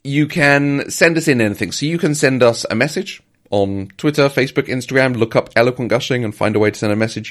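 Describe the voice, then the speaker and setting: Man, podcast co-host, casual chat, enthusiastic, mid-pitched voice. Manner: enthusiastic, repeats words, laughs often.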